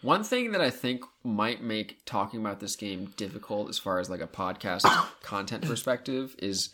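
A man with a lower-pitched voice and a bright, forceful tone hosts a casual podcast chat. He talks eagerly and often stops mid-sentence to search for a better word. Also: animated, normal speed, slight background noise. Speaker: podcast host. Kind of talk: casual chat about video games.

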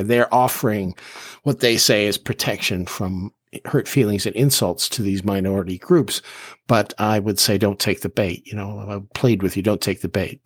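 Low, earnest male podcast host. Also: no room sound, studio quality. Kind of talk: interview conversation.

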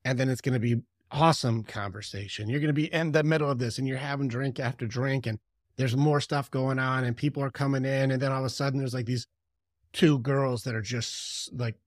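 Animated storytelling man. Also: medium pitch, brisk, dry recording, clean studio sound. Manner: animated storyteller, lively with impressions and asides. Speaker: podcast co-host. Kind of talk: casual conversation.

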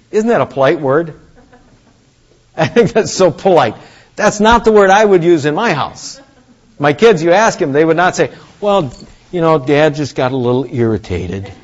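Preaching in a conversational style, a male pastor with a voice that sits high questions his congregation and performs the voices of Moses and God as he tells a story. The recording sounds muffled.

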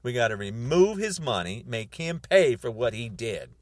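Angry man in his sixties, lively pitch. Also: moderate pace, no room sound. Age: 60s. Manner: heated, repeats words for emphasis. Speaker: video blogger. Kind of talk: angry monologue to camera.

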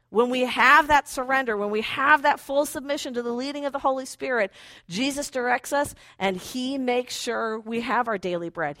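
A woman's voice: fairly high pitch, a bit bright, no room sound. A woman preaching a conversational sermon who acts out inner voices playfully.

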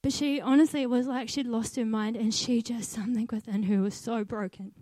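A woman's voice: on the high side, fairly even intonation, a little fast, warm tone, dry recording. A young adult woman, earnestly telling a personal faith story about volunteering, with bits of laughter at herself. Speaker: volunteer team leader. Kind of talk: personal testimony.

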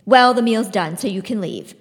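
A woman reading aloud and voicing a defiant, furious teenage girl who shouts high and fast. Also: animated, lightly acted. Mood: curt. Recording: long hall reverb.

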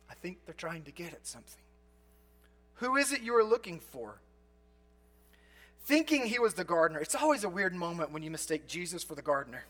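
Man, pastor, sermon, high voice, bright tone, conversational, loud bursts and quiet asides. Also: animated, normal speed.

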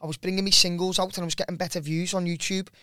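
A man's voice: high-pitched, little pitch movement, rapid-fire, sharp tone, clear, resonant tone, dry recording, clean studio sound. A man with a Scouse accent, a singer and guest on a podcast, chatting casually, swearing and often asking if you know what he means.

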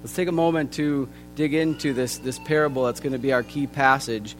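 A man preaching a sermon, earnest and deliberate, his voice softening at the ends of phrases. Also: medium pitch, fairly even intonation. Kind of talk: sermon with scripture reading. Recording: long hall reverb with faint music.

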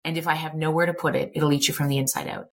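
A woman's voice: sits low, steady tone, very fast, vocal fry. A middle-aged woman, a clinical psychologist talking candidly as an interview guest, emphatic and blunt, swearing casually.

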